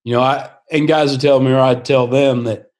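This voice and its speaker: Guy guest on a podcast, earnest, mid pitched voice, laughs as he tells stories. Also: fairly even intonation, brisk, darkish tone. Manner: earnest, laughs often while talking. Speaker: guest, attack helicopter pilot and author. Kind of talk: casual podcast storytelling.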